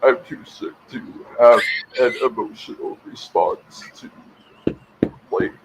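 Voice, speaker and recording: A man putting on an impression of a detached, very old scholar who speaks quietly and flatly without emotion. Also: medium pitch, takes it slowly, creaky, background noise. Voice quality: quiet, flat and unemotional delivery.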